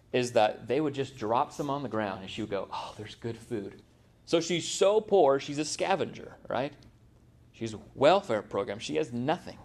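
A man preaching a sermon in a conversational style, often checking in with the congregation and acting out quotes. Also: mid-range voice. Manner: conversational preaching, frequent rhetorical "right?"; animated, acts out quotes. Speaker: pastor.

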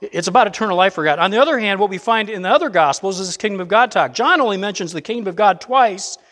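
A man preaching a conversational sermon as pastor, building to emphatic bursts and dropping back to a calm explaining tone. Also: sits high, fast talker. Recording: long reverb of a large hall.

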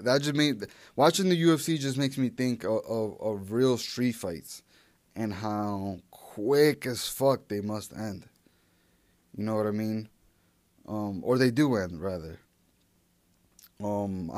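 With no echo on the recording, a young man in a fairly low, slightly mellow voice hosts his solo podcast. He rambles casually and profanely, restarting often and leaning on fillers.

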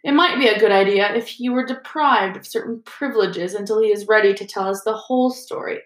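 A woman voicing a cold, sneering male teacher who drawls slowly. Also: mid-range voice, natural voice. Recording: roomy echo.

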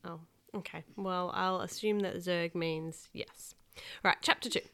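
A woman in her thirties reading a children's book aloud, lively and expressive. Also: lowish voice, a little slow, clear, resonant tone.

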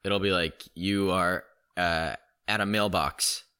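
A man's voice: low-pitched, fairly even intonation, slow, pushed and bright, smooth. A young man co-hosting a comedy podcast, rambling through a text adventure with lots of ums and trailing-off anyways. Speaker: podcast co-host running a text game. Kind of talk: casual comedic banter.

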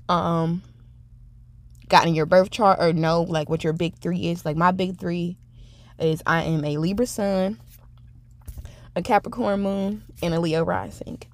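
A woman's voice: fairly low pitch, no room sound. A young adult woman hosting her own podcast, talking in a chatty, rambling, self-reflective way. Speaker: podcast host. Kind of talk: casual solo podcast monologue.

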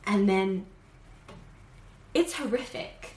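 A woman co-hosting a casual podcast, retelling a film plot quickly and animatedly with lots of fillers. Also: medium pitch, echoey room. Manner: animated, fast storytelling with many fillers.

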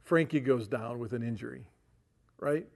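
A man's voice: mid-range voice, normal speed, gravelly, darkish tone. A middle-aged man, a pastor, telling stories in a folksy, chatty sermon with frequent asides to the congregation. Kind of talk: sermon storytelling.

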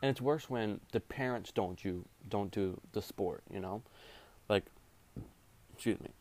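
A man's voice: fairly low pitch, a little slow, a little mellow. A young man, a jiu-jitsu referee, ranting in a casual, rambling way, full of swearing and slang. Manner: profane, rambling, heavy slang.

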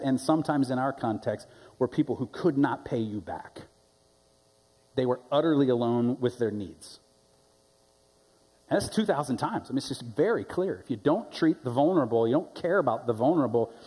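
Husky-voiced pastor preaching a sermon. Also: male voice, medium pitch, a little mellow. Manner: conversational storytelling, rising to emphatic preaching. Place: church sanctuary. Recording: long church-hall reverb.

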